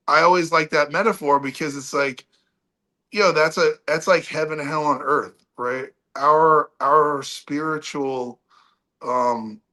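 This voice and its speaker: Man telling a long rambling story. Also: medium pitch. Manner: rambling, many restarts, animated storytelling. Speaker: podcast guest, rock singer. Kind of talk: casual interview storytelling.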